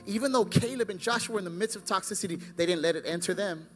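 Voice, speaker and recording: A male pastor preaching a fervent sermon, swinging between loud exclamations and hushed asides. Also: high-pitched, quick pace, soft background music.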